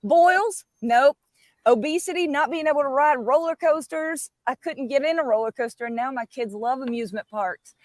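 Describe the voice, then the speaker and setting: A woman's voice: high voice, moderate pace, darkish tone, no room sound. A middle-aged woman, talking with emphatic enthusiasm as a guest on a live stream. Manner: fired up and emphatic. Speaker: guest speaker.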